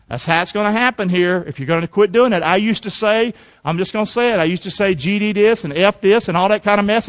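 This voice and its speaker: A middle-aged pastor with a high-pitched, fairly bright male voice preaches in call-and-response style, drawing in the congregation with questions, calls for agreement, and frequent "amen?". The recording is muffled and lo-fi.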